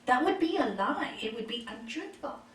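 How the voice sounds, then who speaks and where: A middle-aged woman yoga teacher giving a spiritual talk, telling personal stories in an expressive, conversational way. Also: high voice, moderate pace, a little hiss or hum. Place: retreat meeting hall. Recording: echoey room, mic far off.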